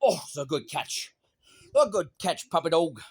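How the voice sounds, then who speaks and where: With a fairly high, sing-song voice at a moderate pace and a breathy edge, a man films his dog inside the house. He talks baby talk to it, teasing playfully and repeating each phrase.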